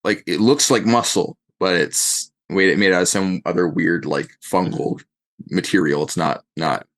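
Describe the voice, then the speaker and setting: A man's voice: deep voice, measured pace, fairly bright tone. A man running a tabletop game as game master, narrating in a rambling way with many fillers.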